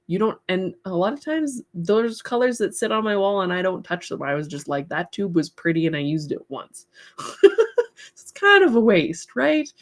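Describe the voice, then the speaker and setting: A woman's voice: mid-range voice, very animated, normal speed. Woman, livestream host and artist; casual, upbeat, encouraging chat with easy laughs. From part English heritage. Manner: chatty, encouraging, laughs often. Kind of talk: casual livestream chat, reading viewer comments.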